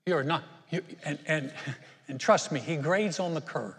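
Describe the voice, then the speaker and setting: An older male pastor preaches in an earnest, conversational way and often restarts his sentences. His voice sits a little high for a man. It rings out with a long reverb that fills the auditorium. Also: normal speed, slight background noise. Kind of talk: sermon.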